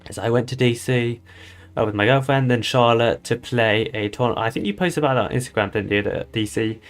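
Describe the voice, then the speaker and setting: A man's voice: medium pitch, a little fast, faint music behind. A young British man chatting casually on a live stream, loose and swearing often with laughing asides. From United Kingdom.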